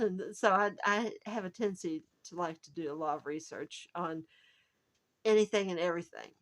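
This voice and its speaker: Rambling, chatty woman vlogger. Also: lowish voice. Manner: rambling, many fillers and restarts. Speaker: genealogy channel host. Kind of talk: casual chat to viewers.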